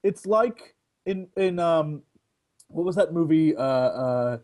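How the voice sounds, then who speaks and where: Male co-host, high voice, very lively, giggly banter. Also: slow pace. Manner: giggly, playful. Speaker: podcast co-host. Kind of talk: casual chat.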